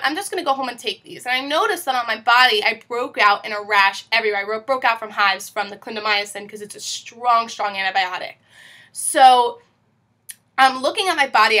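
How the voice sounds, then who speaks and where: Young woman vlogger, bright and a little high, chatty storyteller who acts out every quote. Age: 20s. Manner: rambling and animated, with many fillers and acted-out quotes. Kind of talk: casual storytelling vlog.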